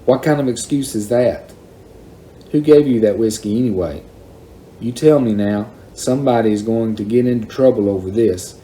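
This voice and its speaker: A man's voice: lowish voice, dark tone, echoey room, a little hiss or hum, natural voice, rough recording. A man doing a stern, cold mother. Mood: angry. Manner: slow, cold, hard-voiced.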